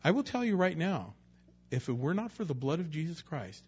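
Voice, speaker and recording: A man's voice: fairly high pitch, very animated, a little fast, darkish tone, breathy edge, lo-fi sound. A man preaching a sermon in a conversational way, sometimes acting out the voices of people he quotes. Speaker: pastor.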